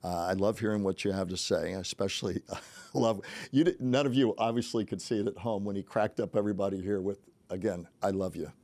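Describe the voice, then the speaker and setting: A man's voice: fairly low pitch, fairly quick, darkish tone, no room sound. An older man hosting a casual podcast chat, reflective and chuckling, with many restarts. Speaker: podcast host, journalism teacher.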